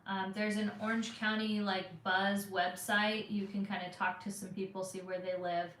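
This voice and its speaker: A woman's voice: medium pitch, flat delivery, normal speed, fairly bright tone, slight background noise. A young woman with a Southern Californian accent, chatting casually on a live stream and answering viewers, rambling with lots of fillers. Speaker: vlogger answering live chat. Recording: echoey room.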